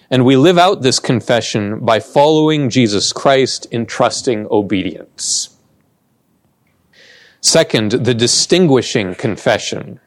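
A man preaching a sermon, slow and deliberate, with emphatic pauses on key words. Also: mid-range voice, no echo, studio quality. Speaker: pastor.

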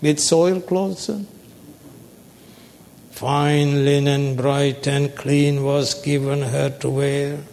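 A man preaches slowly and with emphasis, leaving gaps for his congregation to answer his call-and-response prompts. His voice sits a little high and has a gravelly edge. The sound rings with a long reverb, as in a large hall. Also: little pitch movement, a little mellow, slight background noise. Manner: call-and-response, prompting the audience with "what, sir?"; slow, emphatic, stretches key words. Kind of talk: sermon.

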